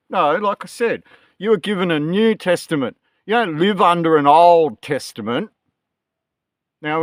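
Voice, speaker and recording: A man in a ranting monologue, reading scripture aloud and talking in a slow, emphatic, scornful manner. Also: on the high side, a bit bright, no room sound, studio quality. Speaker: political and religious commentator.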